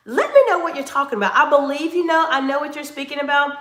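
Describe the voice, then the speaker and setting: A woman's voice: high-pitched, animated, fast, hardly any pauses, fairly bright tone, a little hiss or hum. Woman coaching viewers in a roomy space. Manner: instructive, addresses viewers directly and reads their chat comments. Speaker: executive communication coach. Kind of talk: live-streamed coaching talk to viewers.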